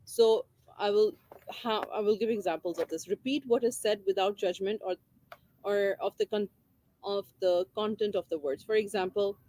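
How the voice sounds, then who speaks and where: A woman's voice: medium pitch, steady tone, moderate pace, mellow. A woman giving an informal talk on parenting, explaining a book's ideas and repeating key phrases for emphasis. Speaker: parenting educator.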